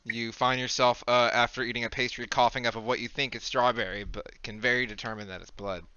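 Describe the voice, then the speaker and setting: Bright-voiced male game master. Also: mid-range voice, fairly even intonation, clear, resonant tone, dry recording, highs cut off. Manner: brisk rules calls mixed with scene narration. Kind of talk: running a tabletop game.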